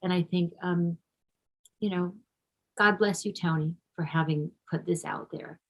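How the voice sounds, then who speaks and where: Effusive woman with a gravelly voice. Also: lowish voice, fairly even intonation, measured pace, poor audio. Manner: effusive, gushing, restarts sentences. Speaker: actress interviewed. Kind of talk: casual interview talk.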